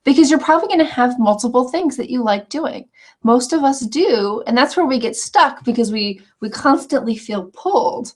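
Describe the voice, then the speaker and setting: A woman teaching an online scrapbooking course, walking through the lessons in an earnest, chatty way with frequent restarts. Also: fairly high pitch. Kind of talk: casual walkthrough of course lessons.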